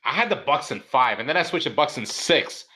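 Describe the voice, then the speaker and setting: A man's voice: mid-range voice, big pitch swings, brisk, sharp tone. A man co-hosting a sports podcast, talking playfully in slang with lots of fillers. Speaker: podcast co-host. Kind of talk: casual sports podcast chat.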